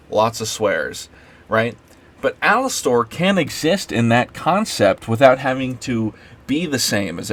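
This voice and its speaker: Guy ranting off the cuff at 1am, rambly, lots of likes and ums, middle-pitched voice. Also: fairly bright tone. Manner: rambling, full of fillers and restarts. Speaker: video creator. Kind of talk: unscripted late-night rant.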